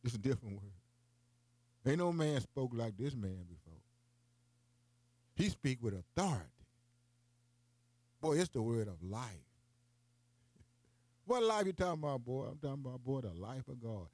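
An older man preaching a broadcast sermon in a folksy way, often calling his listeners "boy" and climbing into high, emphatic runs. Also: very animated, moderate pace, long pauses, darkish tone, no echo.

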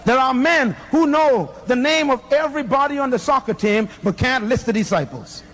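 A man's voice: very high voice, normal speed, fairly bright tone. A man preaching a fiery sermon, emphatic and firing off rhetorical questions at the congregation. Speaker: pastor.

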